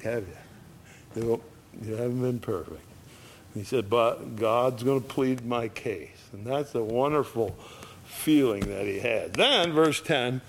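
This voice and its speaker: A man's voice: mid-range voice, slow, slight background noise. A man preaching a conversational sermon, reading scripture aloud with rising emphasis and acting out dialogue. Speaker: pastor.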